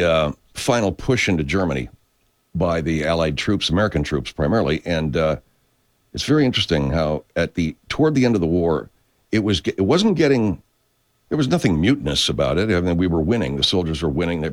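A man with a very deep, low voice talks casually as a show host. He rambles and swears a lot, his pitch swinging widely as he gets excited and then drops low again. He restarts sentences often. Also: brisk. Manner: profane, digressive, frequent restarts. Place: California.

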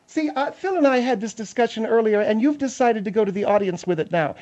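A man's voice: high voice, lively intonation, quick pace, a little mellow, muffled recording, pitched above the performer's own voice. A man voicing a snooty, condescending middle-aged woman on a comedic radio talk show, lecturing in a haughty tone.

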